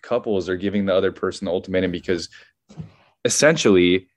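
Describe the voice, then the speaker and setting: A man's voice: sits low, fast, no echo, studio quality. A man chatting as a guest on a podcast, in an easygoing, upbeat way. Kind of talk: casual chat.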